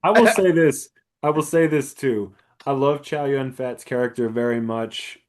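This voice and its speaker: A man's voice: medium pitch, normal speed. A man co-hosting a podcast, talking casually about a film and rambling with lots of filler words. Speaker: podcast co-host. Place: podcast studio.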